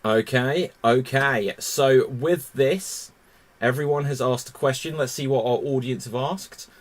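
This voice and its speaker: A man hosting a live online improv comedy show, brisk and amused, often repeating himself. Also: mid-range voice.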